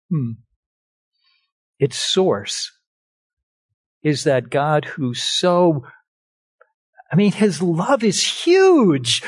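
A man preaching a sermon, with slow, deliberate delivery and emphatic repetition. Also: a little high. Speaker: pastor. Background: live-streamed church service.

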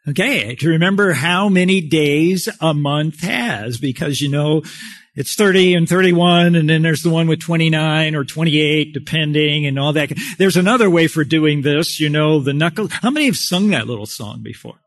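A man's voice: a little high, moderate pace. A male pastor preaching a sermon in a folksy, conversational way, with self-deprecating humor.

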